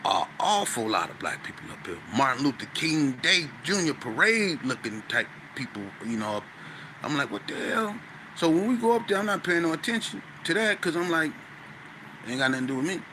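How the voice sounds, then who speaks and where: Male guest storyteller, animated and slangy, slightly higher bright voice. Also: a little fast, a little hiss or hum, low-quality recording. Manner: animated, slang-heavy, stuttering restarts. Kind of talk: storytelling interview.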